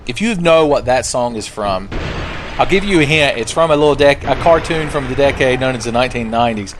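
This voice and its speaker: A young man chats over his gameplay in a loose, sarcastic way, full of jokes and asides. His voice sits at an ordinary middle pitch, and there is a faint hiss under it. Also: animated, brisk. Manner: joking, sarcastic, breaks into silly singing. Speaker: gaming video host. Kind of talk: casual let's play commentary.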